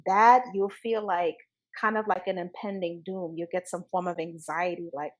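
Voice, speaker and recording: A woman's voice: on the low side, steady tone, normal speed, poor audio. A woman guest speaking earnestly in a spiritual interview, stressing her points by repeating key phrases. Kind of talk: casual spiritual conversation.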